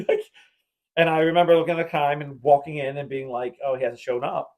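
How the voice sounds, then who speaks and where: A man with a fairly high voice tells rambling stories on a casual podcast. He acts out the people in his anecdotes and breaks into loud laughter now and then. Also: little pitch movement, a little fast. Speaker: podcast host. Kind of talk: casual storytelling chat.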